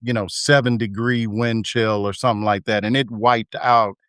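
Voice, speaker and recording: A man talking as a guest in a casual live video chat, halting and filling pauses with um and you know. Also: fairly low pitch, level tone, fairly bright tone, clean tone, no room sound, studio quality. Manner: halting, full of fillers and restarts.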